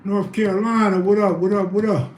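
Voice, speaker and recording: A man's voice: sits high, little pitch movement, a little fast. A man hosting a casual live stream, out of breath, joking and reading viewer comments in loose slang. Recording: roomy echo, faint background hum.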